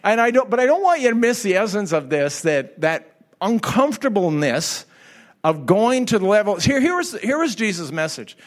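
Pastor guy, middle-aged, kinda high voice, laughing thru a funny sermon story. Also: moderate pace. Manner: animated storyteller, laughs often. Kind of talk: sermon with humorous personal story. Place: church hall before an audience.

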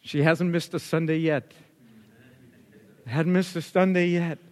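A man's voice: on the high side, steady tone, a little slow. A male pastor preaching a sermon, telling a story and building up to emphatic, repeated lines. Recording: long hall reverb.

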